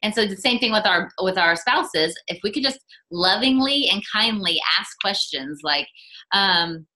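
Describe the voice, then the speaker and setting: A woman's voice: mid-range voice, normal speed, sharp tone, poor audio. A woman talking casually with her husband, giving advice in a chatty way with many fillers and acting out sample questions in a lifted voice. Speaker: business leader co-hosting with her husband.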